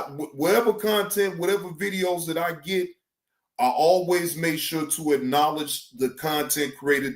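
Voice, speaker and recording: A man chatting loosely and profanely on a live stream. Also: echoey room. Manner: loose, animated, profane, slangy, mimics others in high voice. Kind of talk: casual live stream chat.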